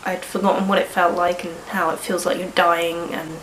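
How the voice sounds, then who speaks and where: A woman's voice: on the low side, little pitch movement, normal speed, fairly bright tone, echoey room, a little hiss or hum, rough recording. A woman in her early twenties with a cold, vlogging in a frank, rambling way and swearing casually. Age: early 20s. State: sniffly with a cold. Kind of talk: candid personal vlog.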